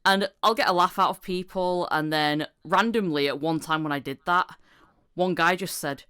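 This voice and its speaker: A woman's voice: on the low side, moderate pace, clear, resonant tone, no room sound, studio quality. A woman hosting a casual podcast chat, telling stories with giggles and acting out what people said. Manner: animated storyteller, giggly, acts out quotes. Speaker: podcast host.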